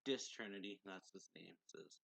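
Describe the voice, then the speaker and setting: A man's voice: low-pitched, moderate pace, vocal fry, fairly bright tone, dry recording, low-quality recording. A man casually recapping a manga chapter as reviewer, rambling with many fillers. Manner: rambling, filler-heavy retelling.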